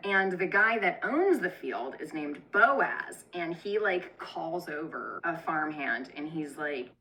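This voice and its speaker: A woman's voice: sits low, animated, takes it slowly, pauses often, sharp tone, low-quality recording. A woman telling a profane, irreverent comic retelling of a Bible story with chatty asides. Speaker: comedic storyteller.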